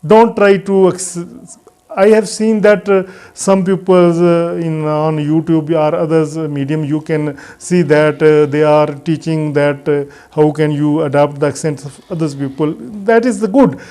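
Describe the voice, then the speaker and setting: A man teaching a spoken English lesson in a non-native English accent, pausing often with "uh" and giving earnest advice. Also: on the high side, fairly even intonation, warm tone, clean tone. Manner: hesitant, frequent "uh" fillers, earnest advice.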